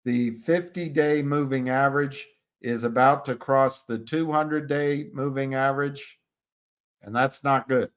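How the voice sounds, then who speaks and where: A man hosting a live stream, talking in a slow, unhurried way about stock charts. He often stops and restarts his phrases, and he speaks straight to his viewers by name. His pitch sits in the middle range. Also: steady tone. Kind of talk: casual stock chart commentary.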